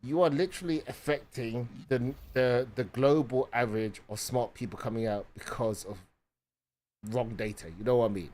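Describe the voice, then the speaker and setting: A man's voice: medium pitch, moderate pace, darkish tone. Rambling man streaming a game. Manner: rambling, lots of fillers and restarts. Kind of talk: casual chat while gaming.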